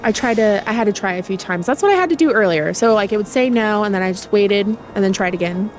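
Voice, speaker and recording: A young adult woman streaming a game in casual chat, chatty and excitable, often gasping. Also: mid-range voice, fast, faint music behind.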